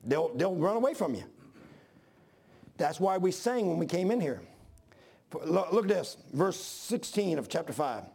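Man, pastor, sermon, gravelly, husky, repeats lines, builds to shouting. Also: high-pitched, big pitch swings, measured pace, long pauses. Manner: storytelling preacher, repeats phrases, rises to shouts.

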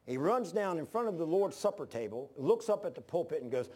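A man preaching a sermon, telling stories with animated bursts of shouting. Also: a little high, brisk, noisy background.

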